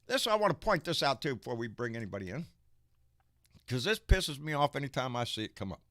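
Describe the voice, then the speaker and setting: A Texan man hosts a political livestream, ranting angrily and emphatically with lots of profanity, calling in guests, and mixing the rant with casual chat. His mid-range voice swings widely in pitch, moves quickly, and sounds fairly bright. The audio is clean studio sound with no echo.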